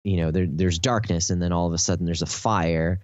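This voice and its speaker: Talking a little fast in a low voice with fairly even intonation, this podcast host with a Texan accent goes on enthusiastic, rambling explanations packed with "um" and "like." The audio has no echo but sounds dull.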